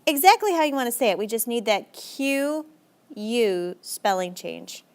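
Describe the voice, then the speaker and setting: A young adult woman teaching a recorded language lesson in a brisk, chatty, encouraging way, with lively jumps in pitch. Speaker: Spanish teacher.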